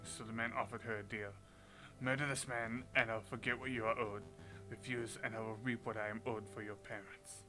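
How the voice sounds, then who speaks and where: A man voicing a secretive male bird nobleman who speaks in a hushed, low, conspiratorial French manner. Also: natural voice, poor audio.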